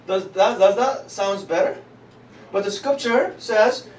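A male pastor preaching a sermon, drawing call-and-response from the congregation and building to loud declarations. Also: high-pitched, expressive, a little slow, slight background noise. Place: church hall. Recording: echoey hall, miked from a distance, congregation audible.

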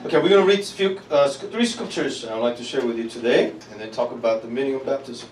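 A male pastor preaching a sermon, drawing call-and-response from the congregation and building to loud declarations. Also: mid-range voice, fast talker, a little hiss or hum. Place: church hall. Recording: echoey hall, miked from a distance, congregation audible.

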